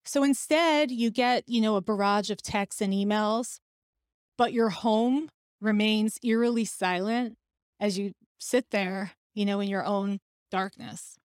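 Podcast host, woman, 30s, candid and chatty, mid-pitched voice, dry sound. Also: fairly even intonation, measured pace, clear, resonant tone, no echo. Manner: candid, conversational, laughs now and then. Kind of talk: personal storytelling.

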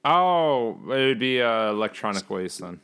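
A man's voice: mid-range voice, big pitch swings, a little slow, fairly bright tone, clean tone. A young Canadian man co-hosting a podcast, telling stories in a laughing, profane, casual way. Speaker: podcast co-host. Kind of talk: casual chat.

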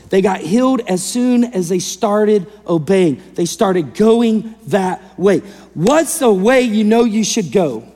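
A male pastor delivers a sermon with great animation, acting out the people in the story and swinging between loud and hushed delivery. His voice sits high, and he's in a large hall.

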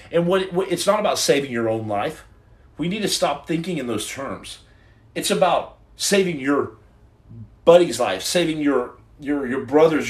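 A man hosting a casual livestream, reading viewer comments and giving a rambling, earnest pep talk full of restarts. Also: on the high side. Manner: rambling and repetitive, with many restarts. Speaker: livestream host and former Navy SEAL. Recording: echoey room.

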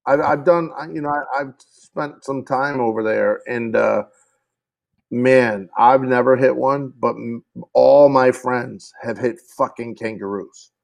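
A man co-hosting a podcast, chatting casually in an excitable, rambling way that is full of restarts. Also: medium pitch, unhurried, vocal fry. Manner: rambling, excitable, laughs often, many restarts. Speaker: podcast co-host. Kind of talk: casual chat.

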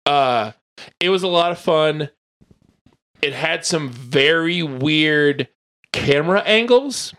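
Chatty, rambling American man, higher-pitched. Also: expressive, slow pace, pauses often, fairly bright tone. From United States. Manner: rambling, lots of fillers and laughter. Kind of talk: casual chat.

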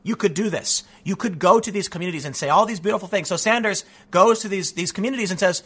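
A man giving an animated, sarcastic political commentary, talking casually and sounding a bit stuffy from allergies. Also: sits high, quick pace, husky. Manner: animated and sarcastic, with frequent mocking voices. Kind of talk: casual opinion monologue.

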